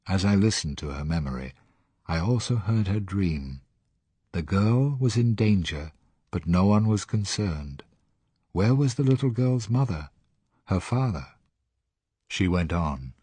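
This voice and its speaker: A man calmly reading a reflective first-person audiobook narration in a measured way. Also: sits low, breathy edge, no echo.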